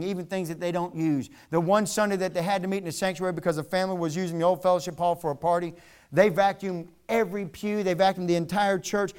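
A middle-aged man from Virginia preaches at a revival. His voice sits high, and he talks earnestly, telling stories to make his point. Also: a little mellow, smooth. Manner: earnest storytelling with bursts of laughter. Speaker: pastor. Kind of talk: revival sermon.

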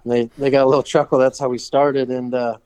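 A man's voice: medium pitch, level tone, fast talker, darkish tone, a little hiss or hum. A man, a fishing guide, telling casual stories as a podcast guest, rambling with fillers and laughing as he goes. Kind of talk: casual storytelling.

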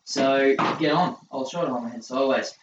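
A man's voice: medium pitch, brisk, background noise. A young man co-hosting a racing podcast, giving tips in a laconic, joking way. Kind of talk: casual tipping chat. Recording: roomy, distant, dull sound.

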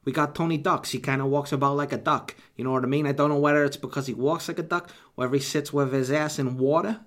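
A man's voice: on the high side, fairly even intonation, fast talker, fairly bright tone. A man hosting a podcast, rambling casually, swearing freely and joking his way through. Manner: profane, joking, slips into impressions. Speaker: podcast host.

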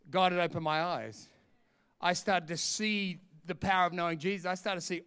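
Australian man, middle-aged, pastor preaching, emphatic, bright and forceful tone. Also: high-pitched, moderate pace, smooth. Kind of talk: sermon.

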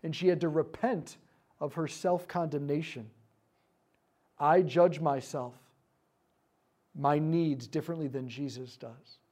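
A man leading a teaching talk, telling a story about inner-healing prayer. His voice sits a little high but sounds dark and mellow. He lets it fall soft and hushed whenever he quotes a prayer. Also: fairly even intonation, unhurried, long pauses. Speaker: speaker leading a prayer ministry session.

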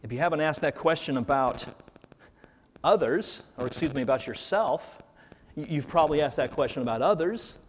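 A man's voice: a little high, moderate pace. A man preaching a Sunday morning sermon, earnest and reflective, posing rhetorical questions to his congregation. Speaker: pastor. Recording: reverberant hall, faint noise.

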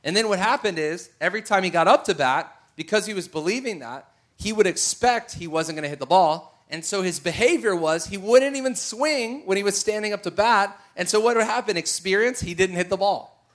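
A middle-aged man preaches, weaving a family story into his sermon. His voice sits a bit high, and he swings from quiet asides to excited shouts at the big moments. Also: brisk. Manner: animated storyteller, shouts at peaks.

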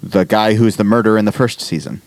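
A man's voice: on the low side, quick pace, darkish tone, dry recording. A man co-hosting a podcast in casual chat, making dry, wry remarks and recapping scenes. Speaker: podcast co-host.

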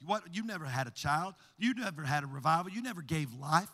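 A man voicing a taunting, scornful rival woman who belittles in quick jabs, in a reverberant church. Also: fairly high pitch, animated, pushed and bright, voice pushed down, full character voice. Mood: sneering. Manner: sneering, belittling, rapid taunts.

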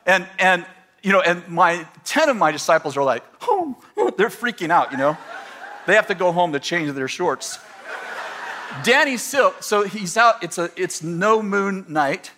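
Male preacher, middle-aged, high and bright tone, storytelling sermon in front of a congregation. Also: unhurried. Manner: storytelling, animated retelling with voiced quotes. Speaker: pastor.

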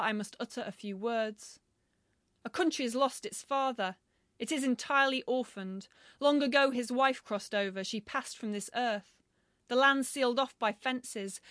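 High-voiced woman reciting poetry solemnly. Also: fairly bright tone, dry recording, studio quality. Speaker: translator reading poetry. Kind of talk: poetry reading.

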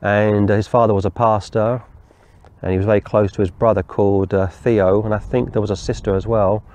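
A man preaching a verse-by-verse sermon, explaining scripture deliberately and wandering into stories. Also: fairly low pitch, steady tone, darkish tone. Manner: deliberate, explanatory, digresses into storytelling. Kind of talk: verse-by-verse Bible teaching.

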